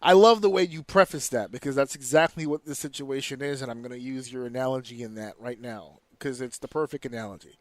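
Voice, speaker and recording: A man co-hosting a casual wrestling podcast, talking in an animated, profane and opinionated way. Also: medium pitch, brisk, hardly any pauses, no room sound. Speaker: podcast co-host.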